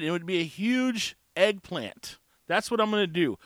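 A man rambles through his opinions in a casual solo talk, chuckling at his own jokes as he goes. His voice sits a little high for a man. The sound is dry and close, with no room behind it. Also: animated, normal speed, dry recording.

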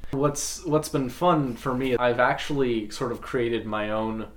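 A man's voice: medium pitch, unhurried, echoey room, slight background noise. A man chatting casually in an interview, telling anecdotes and acting out other people's voices. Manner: animated storyteller, acts out voices of others. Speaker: parade troll performer.

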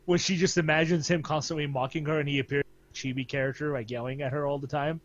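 Podcast co-host, male, slightly high voice, easygoing chatter, muffled lo-fi mic. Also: fast, slight background noise. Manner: laughs often, relaxed and chatty. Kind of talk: casual chat.

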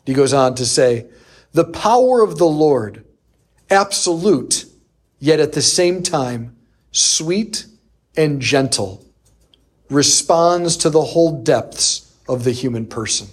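Husky-voiced priest telling a story. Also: male voice, on the high side, slow pace. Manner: animated storyteller who acts out quoted voices. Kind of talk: sermon storytelling.

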